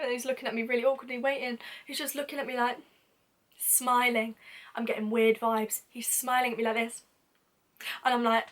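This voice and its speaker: A woman's voice: on the high side, level tone, brisk, a bit bright. A young British woman telling a storytime vlog in a chatty, self-mocking way. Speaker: vlogger.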